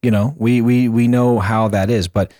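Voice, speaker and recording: A man co-hosting a podcast in casual chat, emphatic and repeating phrases for effect, his voice a little hoarse. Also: mid-range voice, steady tone, normal speed, warm tone, no echo, clean studio sound. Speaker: podcast co-host.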